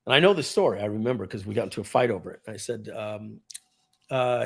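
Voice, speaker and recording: A man, a former car dealership general manager, telling a casual story on a live video, clearing his throat often and drifting into rambling asides. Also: on the low side, fast talker.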